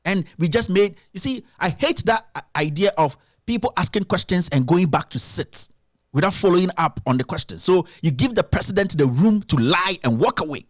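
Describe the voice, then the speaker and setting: A man delivers heated political commentary in a high, lively voice that swoops up and down. He hammers his points with emphatic repetition, recorded close and dry with no room sound. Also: no echo. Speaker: live-stream show host.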